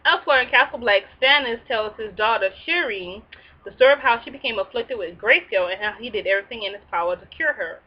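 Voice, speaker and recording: Woman host, casual recap style, sassy slangy asides, a bit high, muffled home mic. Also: fast.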